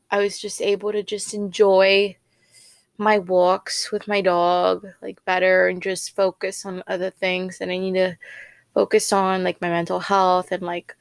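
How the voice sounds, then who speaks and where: A woman's voice: mid-range voice, clean tone, no room sound. A young woman hosting a casual solo podcast, rambling with many fillers and repeated words. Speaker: podcast host.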